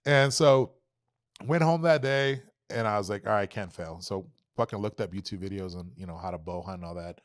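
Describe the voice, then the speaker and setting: Man, low voice, dry sound, casual storytelling, swears a lot, acts out quotes. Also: fairly quick, dry recording. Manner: animated, profane, acts out quotes. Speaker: podcast guest.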